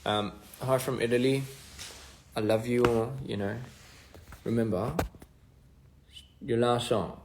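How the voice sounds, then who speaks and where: A man's voice: medium pitch, steady tone, takes it slowly, long pauses, background noise. A man chatting casually on a phone livestream, reading fan comments and rambling as he trails off between thoughts. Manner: rambling, trails off, soft-spoken asides.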